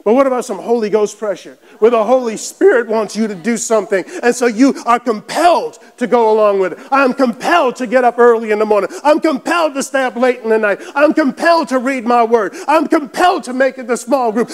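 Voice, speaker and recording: A man preaching a sermon as pastor, fervent and building to shouts, often repeating words and restarting phrases. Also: extremely high pitch, fairly quick, few pauses.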